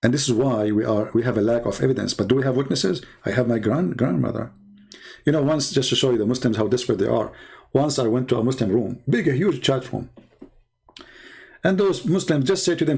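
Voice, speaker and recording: A man's voice: medium pitch, lively intonation, vocal fry, a little mellow, slightly rough. A man telling a mocking story in a rambling, casual monologue as an online debater. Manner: rambling, mocking, quick restarts.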